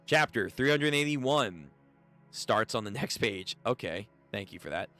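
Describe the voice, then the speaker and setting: A man reacting out loud on a live manga readthrough stream, swinging his pitch all over as he talks. His tone is bright and forward, loose and slangy, and soft music hums faintly behind him. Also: unhurried. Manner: animated and slangy, chatting to viewers. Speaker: streamer reading manga aloud. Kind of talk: casual live readthrough commentary.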